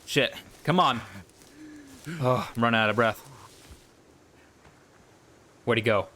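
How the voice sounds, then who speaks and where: A man doing live gameplay commentary on a desk mic at home, excitable and cursing as he yells at enemies. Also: mid-range voice, slow pace, slight background noise. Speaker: gaming YouTuber. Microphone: desk condenser mic.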